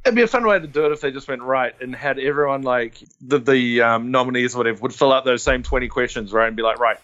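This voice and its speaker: A man with a New Zealand accent, hosting a podcast in casual chat, quick and joking with dry humor. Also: mid-range voice, a bit bright. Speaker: podcast host. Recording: slightly dull lo-fi sound.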